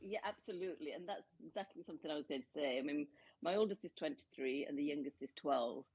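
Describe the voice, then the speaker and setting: A woman in her forties, a caller in a group chat, talking in a lively, emphatic way about her four kids. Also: low-pitched, fast talker, breathy edge, dry recording, poor audio. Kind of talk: casual chat.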